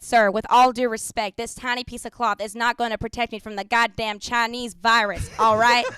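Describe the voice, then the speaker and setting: Lady doing a foul-mouthed ozarks country gal, bright and high, brash and blunt. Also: smooth. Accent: put-on Ozarks Southern. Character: tough foul-mouthed rural Southern woman. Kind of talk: improvised comedy impression.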